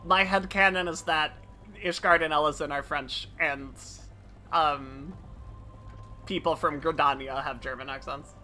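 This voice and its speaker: A woman's voice: deep voice, fairly even intonation, a little slow, bright, forceful tone. Giggly woman streamer chatting. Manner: giggly, rambling, fillers. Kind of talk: casual live-stream chat.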